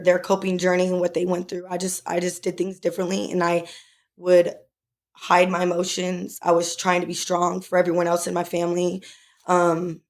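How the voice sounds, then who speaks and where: Low, flat-voiced woman podcast co-host. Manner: emotional, tearful at times, filler-heavy. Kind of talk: personal story in casual chat.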